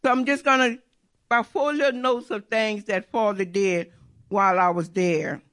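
A woman's voice: medium pitch, steady tone, normal speed, fairly bright tone. A middle-aged woman telling a personal faith testimony in an earnest, repetitive storytelling way. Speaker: churchgoer giving testimony.

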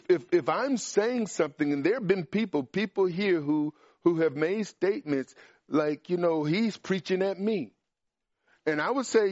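An emphatic male preacher, climbing higher and louder as he drives points home. His voice sits fairly high for a man. The recording is dull and dry, with no room sound. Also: dry recording. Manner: emphatic, rises in pitch and volume on key points. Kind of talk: sermon with Q&A.

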